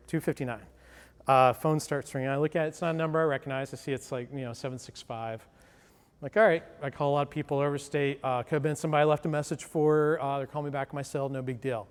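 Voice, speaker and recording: A man's voice: medium pitch, clean tone. A man giving a sales presentation, telling a story to an audience, acting out the dialogue and asking the crowd questions. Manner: animated storyteller who acts out dialogue and asks the audience questions. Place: presentation hall. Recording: long hall reverb.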